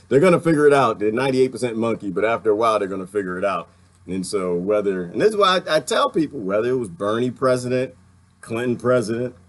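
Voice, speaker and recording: Ranting commentator, male, husky, lively pitch, sarcastic and repetitive. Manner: rambling, repetitive, heated and sarcastic; laughs between points. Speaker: video commentator. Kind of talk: ranting monologue.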